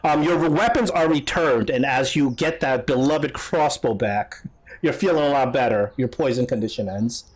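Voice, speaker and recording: A man narrating as game master of a tabletop game, often pausing and restarting. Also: medium pitch, low-quality recording. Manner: halting, many fillers and restarts.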